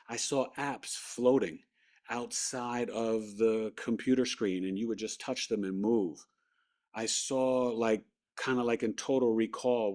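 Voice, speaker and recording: A man telling his near-death story in a casual, animated way. He acts out the voices of the people in it. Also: on the low side. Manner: animated retelling, acting out quoted voices. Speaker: guest recounting a near-death experience. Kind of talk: personal storytelling.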